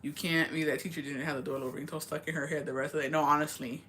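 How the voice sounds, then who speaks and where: Profane, animated young woman storyteller. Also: low-pitched, racing, a little hiss or hum. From rural area. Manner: profane, animated, swears constantly. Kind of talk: casual storytelling chat.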